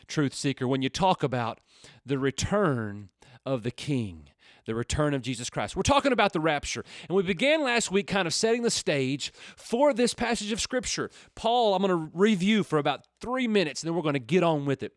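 A man's voice: on the high side, big pitch swings, normal speed, dry recording, studio quality. A middle-aged man teaching and praying on a Christian radio program, earnest and folksy, rising to fervent appeals. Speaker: radio preacher. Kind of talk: radio Bible teaching with prayer.

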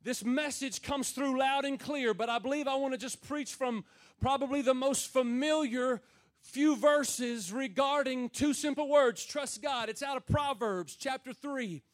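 High-voiced preacher, quiet to shouting. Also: male voice. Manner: swings from quiet and slow to loud, shouted emphasis. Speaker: pastor. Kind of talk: sermon.

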